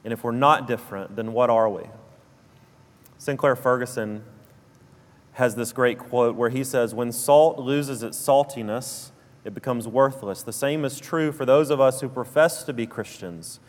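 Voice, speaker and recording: A man with a South Alabama drawl delivers a sermon at a mid pitch, earnest and steady. He circles back to key phrases for emphasis. His voice carries a long reverb from a large church sanctuary. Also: measured pace. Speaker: pastor.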